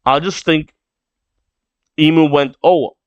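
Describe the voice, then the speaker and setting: A man's voice: fairly high pitch, a little slow, dry recording. Rambling man thinking aloud, dull dry sound. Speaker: streamer reacting to a comic. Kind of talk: casual read-along reaction.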